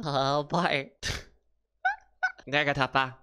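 A woman streamer chatting over gameplay in a low but bright voice that swings wildly up and down. She talks slowly, giggles a lot and bursts into playful shrieks. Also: very animated. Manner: puts on silly voices for game characters. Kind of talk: casual gameplay commentary.

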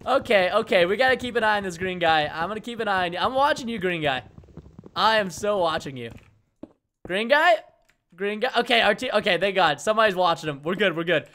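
A young man hosting a live game stream, talking energetically and bursting into shouts when the action heats up. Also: sits high, fast, a little hiss or hum. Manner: energetic, excitable, bursts into shouting during fights. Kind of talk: excited live stream commentary.

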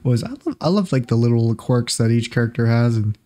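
A young man banters on a casual podcast in a dry, sarcastic tone. He delivers mock-serious jokes at a relaxed pace. His pitch sits in an ordinary middle range. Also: fast. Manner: sarcastic, deadpan jokes, says dude a lot. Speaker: podcast co-host. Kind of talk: casual chat.

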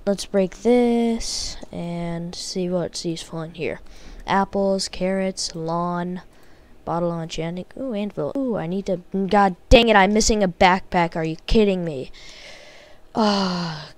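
A young woman commenting on her own gameplay as a channel host, frustrated and muttering, breaking into loud outbursts. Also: fairly low pitch.

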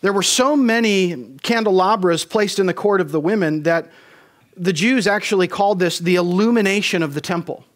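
A man preaching a Christmas Eve sermon in a church, measured and deliberate, slowing down to stress key phrases. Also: sits high. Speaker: pastor. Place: church sanctuary.

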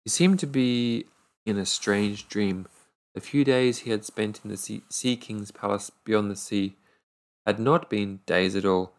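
A man reading a fairy tale aloud, unhurried, now and then stumbling and correcting a word. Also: on the low side. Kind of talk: read-aloud storybook narration.

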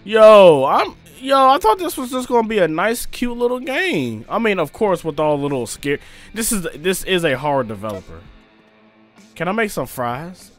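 A young man with an excitable, slangy manner, commentating a let's play of a game and yelping when he gets scared. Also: high voice, moderate pace, faint music behind. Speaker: gaming streamer.

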